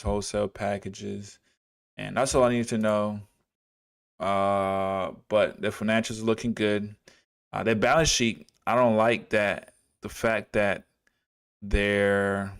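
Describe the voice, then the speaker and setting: Laid-back gravelly man streaming. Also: fairly low pitch. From Dallas, Texas. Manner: laid-back, chats with viewers while reading charts. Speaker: livestreamer teaching trading. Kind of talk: casual livestream chat over charts.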